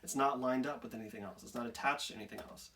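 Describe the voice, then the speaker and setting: A man's voice: mid-range voice, fast, distant mic, background noise. Methodical man explaining repair work. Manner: methodical, repeats "right?" as a check-in. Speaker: saxophone repairman. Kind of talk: technical explanation to camera.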